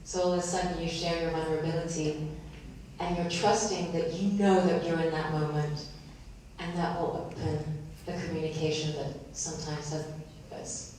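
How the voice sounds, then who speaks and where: A woman's voice: deep voice, level tone, normal speed, a little mellow, a little hiss or hum. A woman on a discussion panel, speaking reflectively and searching for her words. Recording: echoey room, from far off.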